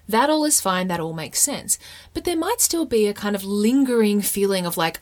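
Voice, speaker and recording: A woman's voice: mid-range voice, big pitch swings, a little fast, a little mellow. A woman explaining Catholic teaching in a casual, chatty monologue, full of "like" and frequent "okay?" and "right?" check-ins. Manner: fillers of "like" throughout.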